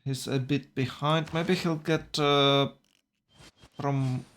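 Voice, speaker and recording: Male tournament caster, unhurried, halting, often corrects himself mid-sentence. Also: a little high, steady tone, fairly bright tone. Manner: hesitant, self-correcting, thinking aloud. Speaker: tournament commentator. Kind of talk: strategy game commentary.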